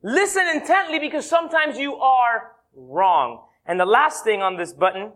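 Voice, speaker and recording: A man preaching a sermon as a pastor, telling playful stories and slowing down hard to stress his points. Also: very high voice. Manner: animated, playful storyteller who slows down for emphasis. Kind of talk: sermon with humorous anecdotes.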